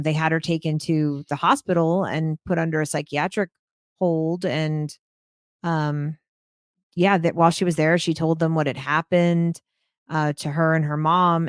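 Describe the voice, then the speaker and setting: A woman podcaster talking through a case in a thoughtful, hesitant way, often pausing on "um". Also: low voice, clear, resonant tone, dry recording, clean studio sound. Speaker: true crime podcaster. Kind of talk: casual podcast discussion.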